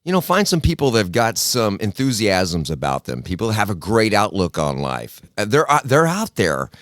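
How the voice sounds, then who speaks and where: Folksy man with lively, lowish voice. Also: moderate pace, no room sound, clean studio sound. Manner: folksy storyteller, acts out quotes, frequent restarts. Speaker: podcast host. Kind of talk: casual solo talk.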